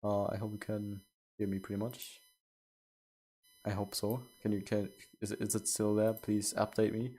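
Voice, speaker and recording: A man talks to his live-stream viewers in a slightly low voice. His speech is casual and halting, and he often repeats words as he checks in with the chat. He keeps putting questions to them. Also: monotone, dark tone. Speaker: game streamer.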